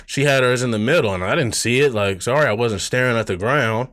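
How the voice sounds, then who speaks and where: A man co-hosting a podcast, telling stories in a casual, profane way, laughing often and acting out quotes in a lower voice. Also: fairly quick, fairly bright tone. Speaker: podcast co-host. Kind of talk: casual chat.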